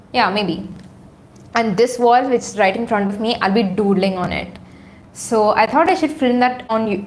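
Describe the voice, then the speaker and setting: A woman's voice: medium pitch, slight background noise. A woman from India chatting casually on a livestream from her room, reading out viewers' comments with lots of fillers. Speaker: YouTuber on a livestream. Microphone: phone or camera on a tripod.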